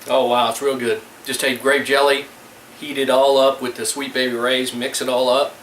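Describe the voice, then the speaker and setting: A man's voice: mid-range voice, level tone, normal speed, a bit bright. Laid-back man grilling outdoors. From US Gulf Coast. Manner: laid-back, chatty, talks to viewers while cooking. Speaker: home cook vlogger. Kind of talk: casual cooking vlog. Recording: roomy sound from a distance, faint background noise.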